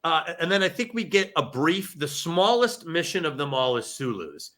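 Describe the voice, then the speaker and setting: A man's voice: fairly high pitch, sing-song, moderate pace, pushed and bright. A man in his forties hosting a casual film chat, amused and often laughing as he restarts his sentences. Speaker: podcast host.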